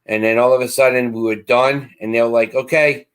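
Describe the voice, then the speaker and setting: A middle-aged man casually telling a long story, animated and acting out the voices of the people in it. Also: medium pitch, a little fast, clear, resonant tone. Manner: animated, acts out quoted voices. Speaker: co-host.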